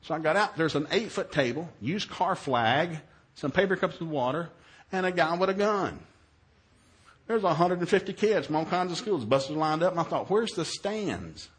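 A middle-aged man preaching a humorous sermon, telling stories with jokey, animated delivery and sudden loud exclamations. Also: fairly high pitch, normal speed, slightly rough.

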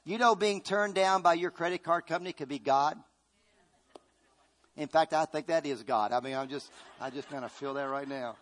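A middle-aged man pastor preaching a sermon, calling out to his congregation and rising to loud, emphatic bursts. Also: a little high, moderate pace.

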